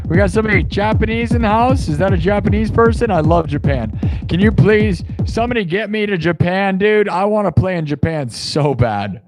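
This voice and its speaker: A young man from Iowa chatting casually on his live stream, excitable and boastful, rambling with many restarts. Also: high-pitched. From Iowa, US Midwest.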